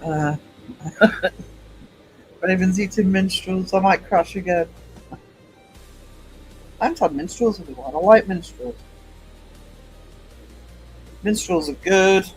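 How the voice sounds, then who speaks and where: A man's voice: high voice, slow pace, long pauses, faint music behind, rough recording. A man, an artist chatting casually and rambling to his stream viewers as he works, laughing easily.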